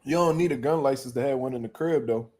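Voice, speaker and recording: A young man hosting a boxing show, chatting in loud, profane, joking banter and often laughing. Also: medium pitch, quick pace. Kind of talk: casual chat reacting to live chat.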